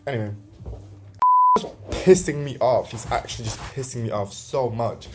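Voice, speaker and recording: A man's voice: mid-range voice, normal speed, long pauses. A man vlogging an angry storytime rant about a friend, swearing and exasperated, quoting texts in mocking voices.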